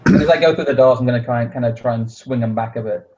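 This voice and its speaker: A man's voice: medium pitch, racing, dark tone, muffled recording, a little hiss or hum. A man playing a tabletop game, talking in a hesitant, casual way. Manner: hesitant, full of ums and restarts. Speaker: player.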